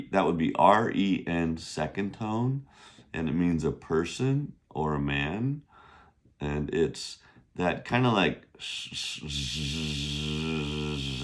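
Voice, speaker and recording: Upbeat man teaching vocabulary, slow and lively. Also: low-pitched. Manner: upbeat, drills with repeat-after-me. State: losing his voice. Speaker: Mandarin teacher. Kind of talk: casual vocabulary lesson. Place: beach, outdoors.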